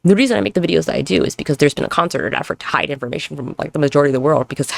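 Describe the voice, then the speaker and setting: Gravelly rambling woman podcaster. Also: low-pitched, animated, racing, few pauses, no echo. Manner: rambling, profane, self-reflective, jumps between topics; moving around while talking. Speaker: podcast host. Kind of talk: solo podcast monologue. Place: at home with neighbors nearby.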